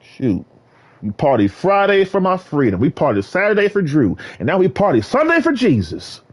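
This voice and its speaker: A man talks on his own for the camera, wandering from one thought to the next. His voice is husky and a little high for a man. His pitch leaps all over the place, from low muttering asides to sudden high, excited cries. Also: moderate pace. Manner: animated, jumps between topics, bursts into high exclaims. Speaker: vlogger. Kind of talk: rambling solo monologue.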